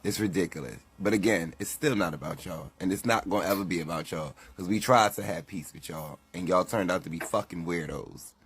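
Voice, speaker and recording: A man's voice: sits low, a little fast, hardly any pauses, fairly bright tone, husky. A man delivering a heated, indignant rant to the camera, scolding and swearing. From United States. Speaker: social media commentator.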